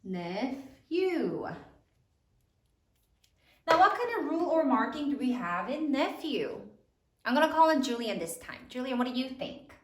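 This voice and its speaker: A woman teacher giving a slow, sing-song spelling lesson to third graders. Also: sits high, sing-song, roomy sound.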